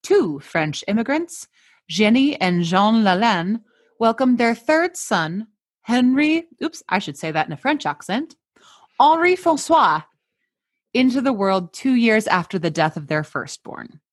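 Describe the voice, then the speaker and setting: A woman's voice: medium pitch, sing-song, measured pace. A woman hosting a podcast, mixing casual chat with a scripted story told in a playful, jokey way. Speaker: podcast host.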